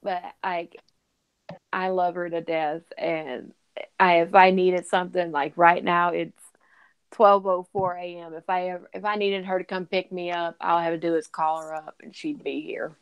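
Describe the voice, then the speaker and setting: A woman's voice: fairly low pitch, flat delivery, moderate pace, smooth. A woman from North Carolina with a faded Southern accent, chatting and telling stories with lots of giggles. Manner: giggly, drawling storyteller. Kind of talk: casual chat.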